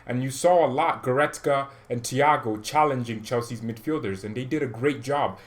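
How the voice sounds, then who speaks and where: A man hosting a fan channel, ranting about his team in an excitable, jokey way with loud outbursts. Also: mid-range voice, normal speed. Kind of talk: excitable football fan commentary.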